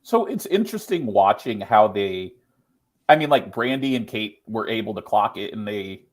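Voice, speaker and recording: A man co-hosting a casual podcast, analysing players' strategy in a steady way. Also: on the low side, normal speed. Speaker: podcast co-host. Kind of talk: casual chat.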